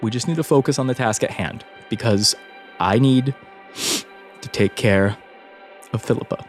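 A man's voice: mid-range voice, normal speed. A man playing a tabletop game, speaking earnestly in character. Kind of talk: in-character role-play. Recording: loud guitar music behind the voice.

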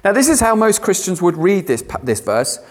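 A man preaching a sermon, animated and given to sarcastic asides. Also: sits high, normal speed.

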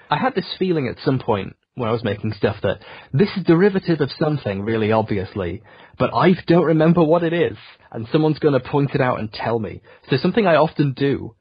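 A man's voice: mid-range voice, husky, dry recording. A young man from Yorkshire with a generic southern English accent, talking in a rambling, self-deprecating way full of fillers as an interview guest over a muffled remote call. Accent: generic southern English, not Yorkshire. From Yorkshire, England. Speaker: video essayist guest. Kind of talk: casual interview conversation.

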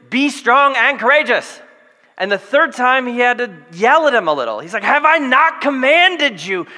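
A man preaching with a high, bright, ringing voice that carries a long hall reverb. He tells the story casually and with humor, acting out the lines of the people in it and sometimes raising his voice to a yell. This is a church sermon. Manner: animated, jokey storytelling with acted quotes and yelled lines. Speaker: pastor.

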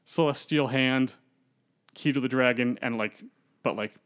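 A man's voice: medium pitch, a little slow, fairly bright tone. A man co-hosting a casual podcast, rambling through a film's plot and acting out the characters. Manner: rambling storyteller who acts out characters. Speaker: podcast co-host.

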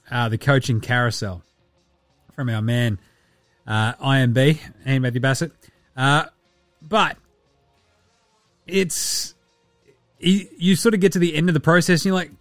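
A man hosting a casual basketball podcast, animated and sweary with jokey asides. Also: on the high side, no room sound, clean studio sound. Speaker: podcast host.

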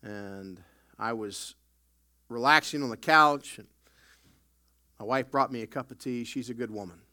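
A man pastor preaching a sermon, emphatic with sudden loud bursts and folksy storytelling asides. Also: medium pitch, unhurried.

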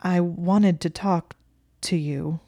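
A woman reading the lines of a nervous teenage witch, hurried and stumbling over her words. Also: lowish voice, mellow, no echo, studio quality, natural voice. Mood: flustered.

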